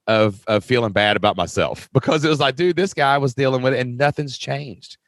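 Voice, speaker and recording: An excitable man hosting a podcast, chatting in a loose, slangy way. He often jumps up in pitch to act out what someone said. His voice sounds dry and close, with no room echo. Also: fairly quick. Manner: excitable, slangy, says "dude" and "man" a lot; jumps high in pitch when acting out quotes. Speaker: podcast host. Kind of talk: casual podcast conversation.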